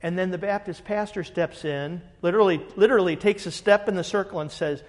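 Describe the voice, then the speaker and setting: A man, a pastor, telling a story in a lively way and acting out the dialogue. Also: high-pitched, fairly quick, hardly any pauses, big-room sound. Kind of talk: animated storytelling.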